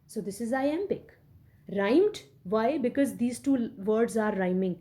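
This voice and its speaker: A woman teacher from Pakistan talks her students through a poem in a recorded lecture. She speaks at an unhurried, deliberate pace in a fairly high but mellow voice, and she repeats each point and checks in often with her class. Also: expressive. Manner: slow, repetitive explaining with many check-ins. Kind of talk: recorded English literature lecture.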